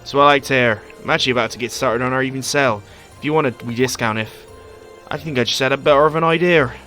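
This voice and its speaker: A man's voice: mid-range voice, fast, sharp tone, soft background music, close to an everyday voice. A man voicing a chatty middle-aged market merchant and father, in a folksy put-on Scottish-style lilt. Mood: friendly.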